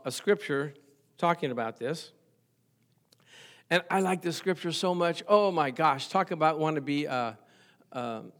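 Animated older male pastor preaching. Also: a little high. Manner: animated storyteller, rising to exclamations. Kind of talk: sermon.

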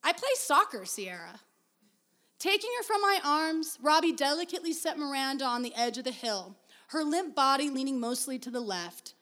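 A woman with a high voice reading a story aloud. Her delivery is measured and expressive, and she takes her time over the narration. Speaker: reader.

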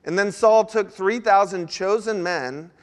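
A man pastor giving a sermon, telling a story with animated asides before laying out his points. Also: high-pitched, a little slow.

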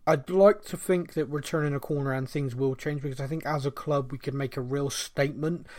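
A man's voice: mid-range voice, fairly even intonation, brisk, a little mellow. A man with a Bristolian accent hosting a casual podcast chat, reading out listener questions and laughing often at himself. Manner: reads listener questions aloud, laughs often, self-deprecating. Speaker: podcast host.

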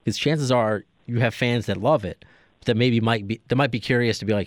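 A man's voice: medium pitch, fairly quick, dry recording. A man hosting a casual podcast interview, asking long, rambling questions with many restarts. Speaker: podcast host.

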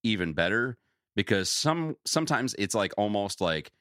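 Man, joking co-host, very low voice, loose and profane. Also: big pitch swings, moderate pace, fairly bright tone, no echo, clean studio sound. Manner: joking, casual, swears freely. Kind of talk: casual chat.

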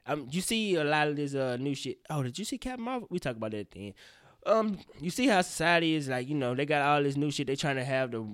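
Animated, swearing young podcast host. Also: male voice, on the high side, fast, clean tone, dry recording, studio quality. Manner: animated, profane, goes off on tangents. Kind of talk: casual news commentary.

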